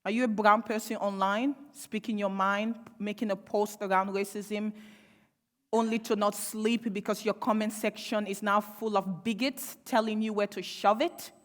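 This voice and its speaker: A woman's voice: medium pitch, fairly even intonation, moderate pace. A young woman giving a public speech, impassioned and sarcastic, with rhetorical questions. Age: young adult. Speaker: panel speaker. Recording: long hall reverb.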